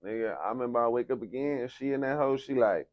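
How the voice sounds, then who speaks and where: A man's voice: mid-range voice, fast talker, dry recording, highs cut off. A young man from San Antonio, Texas, telling his life story in a casual interview, heavy on slang and "you know what I'm saying". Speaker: interview guest, rapper.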